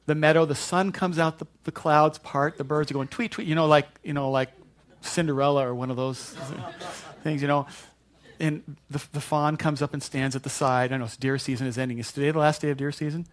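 A man's voice: fairly high pitch, steady tone, fairly quick. Male pastor, sermon, chatty, joking, restarts words. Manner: conversational and joking, with frequent restarts.

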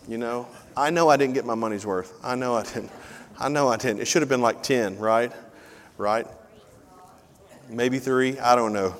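A man's voice: mid-range voice, moderate pace, long pauses. A man preaching a sermon as pastor, chatty and joking, repeating key phrases for emphasis. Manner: conversational preaching with self-deprecating asides and repeated phrases. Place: church sanctuary. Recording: live church audio with long hall reverb.

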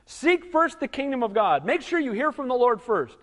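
A man's voice: very high voice, big pitch swings, normal speed, fairly bright tone, in a large hall. A male pastor preaching a sermon, emphatic, often asking the congregation "Amen?" and filling with "you know".

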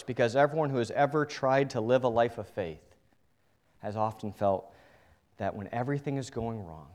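A male pastor from New England preaching a sermon to his congregation, earnest and direct, swinging between hushed and emphatic delivery. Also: medium pitch.

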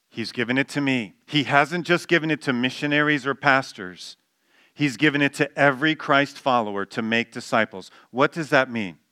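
Bright-voiced man preaching a sermon. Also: mid-range voice, no room sound, studio quality. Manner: explanatory, emphatic on key words, some restarts. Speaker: pastor.

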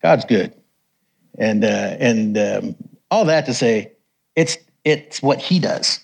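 A middle-aged man preaching, telling personal testimony stories with lively quoted voices. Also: slow pace, gravelly, slightly rough. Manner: animated storyteller, raises pitch for quoted voices. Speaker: missionary preacher. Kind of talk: sermon testimony storytelling.

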